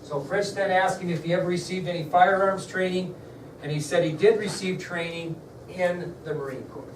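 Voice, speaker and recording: A man gives a history lesson to his class, slightly high in pitch, telling the story casually and stopping to quiz his students. He sounds distant from the mic in a roomy, echoing classroom with a faint hiss behind him. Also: steady tone, moderate pace. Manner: conversational storytelling, asks the class questions. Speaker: history teacher. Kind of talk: classroom lecture. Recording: echoey room, mic far off, faint background noise.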